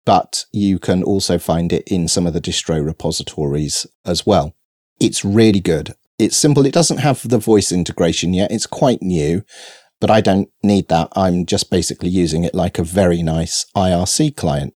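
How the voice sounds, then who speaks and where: A man co-hosting a podcast, chatting casually and enthusiastically about software he loves. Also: low voice, normal speed, no room sound, studio quality. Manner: enthusiastic, effusive. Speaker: podcast co-host. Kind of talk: casual tech chat.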